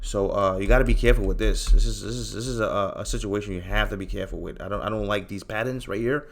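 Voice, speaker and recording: A man hosting a trading channel, giving casual chart commentary to his viewers in an animated, teasing, slangy way, repeating himself for emphasis. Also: on the low side, fast talker, creaky.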